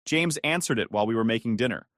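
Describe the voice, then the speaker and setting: A man's voice: mid-range voice, lively intonation, quick pace, a bit bright, dry recording, clean studio sound. A man narrating a first-person revenge story in a dramatic, gossipy way.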